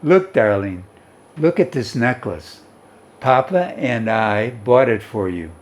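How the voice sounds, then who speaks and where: A man reading the part of a tender, loving middle-aged mother, speaking softly and pleadingly in a storybook reading. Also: mid-range voice, animated, slow. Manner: soft, pleading, sweet tone.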